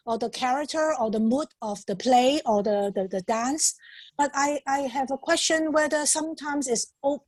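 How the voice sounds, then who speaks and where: A woman taking part in a workshop, asking her question haltingly and searching for words, heard over a video call. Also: high voice, no echo. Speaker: workshop participant.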